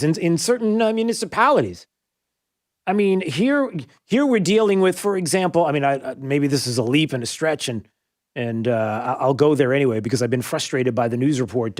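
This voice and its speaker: A man's voice: on the high side, a little mellow. A man hosting a call-in talk radio show, chatting and joking with callers and rambling through his points with frequent restarts.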